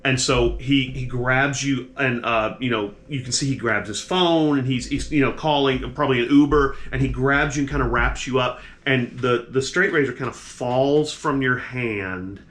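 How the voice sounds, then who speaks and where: A man narrating a tabletop game as game master, halting and restarting his sentences. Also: medium pitch, fairly bright tone. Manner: halting, full of restarts and fillers.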